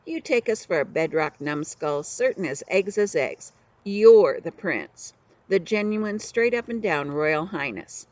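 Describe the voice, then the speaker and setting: A woman voicing a gruff, boastful male outlaw leader in a storybook reading, bossing everyone around in rough slang. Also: fairly low pitch, lively intonation, unhurried, darkish tone, dry recording. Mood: suspicious. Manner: coarse old-fashioned slang, bossy.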